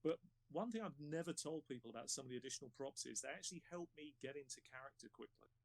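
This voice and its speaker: A man hosts a relaxed panel discussion and offers advice in an encouraging, drawn-out way. His voice sits at a middle pitch. The recording is close and dry, with no room echo. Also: gravelly. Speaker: panel host. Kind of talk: casual panel chat.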